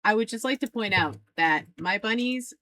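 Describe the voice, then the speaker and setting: A woman's voice: medium pitch, lively intonation, moderate pace, sharp tone. A woman streaming a game live, chatting with her viewers in a playful, teasing way and laughing often. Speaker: streamer playing a farming game.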